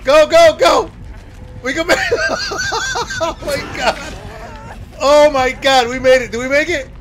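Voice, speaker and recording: A man streaming a horror game, reacting with loud exclamations and frequent laughter. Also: very high voice, wildly swooping pitch, slow pace, a crowd in the background, background noise. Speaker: livestreamer. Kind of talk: excited gameplay commentary.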